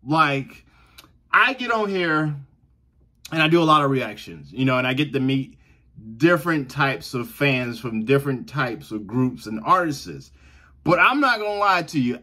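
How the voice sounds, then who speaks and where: Southern guy doing a reaction vlog, bright voice, hypes up his viewers and laughs a lot. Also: mid-range voice. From Southern United States. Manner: enthusiastic, repetitive, laughs often. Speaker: reaction video host. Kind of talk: casual direct-to-camera chat.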